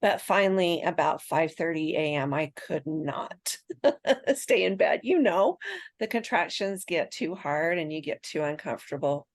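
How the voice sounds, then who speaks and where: A woman's voice: sits low, measured pace, no room sound. A woman in her sixties, a podcast guest, telling her birth story in a chatty way and laughing often.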